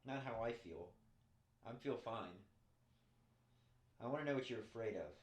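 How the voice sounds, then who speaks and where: A man's voice: mid-range voice, animated, normal speed. A man co-hosting a podcast, talking casually in a blunt, profane, joking way. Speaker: podcast co-host. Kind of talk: casual chat. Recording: echoey room.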